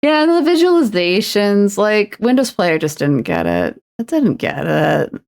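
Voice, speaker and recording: A woman's voice: medium pitch, sing-song, a little slow, gravelly, darkish tone. A Canadian woman in her twenties chatting on a livestream while painting a model, playful and self-mocking. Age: 20s. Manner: playful and self-mocking, slips into announcer voices. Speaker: streamer. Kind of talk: casual livestream chat while painting a miniature.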